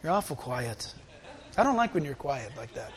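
A man preaching a sermon in an animated, emotional way. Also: mid-range voice, moderate pace, a little hiss or hum.

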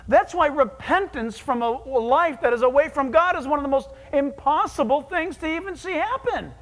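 A man preaching a sermon in an animated, joking way, moving between hushed asides and loud exclamations. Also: extremely high pitch, moderate pace, in a large hall.

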